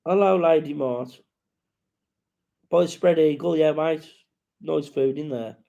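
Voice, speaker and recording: A man's voice: on the high side, takes it slowly, gravelly, warm tone, muffled recording. A man hosting a casual live-stream chat, rambling and sweary as he greets viewers and reads out their comments.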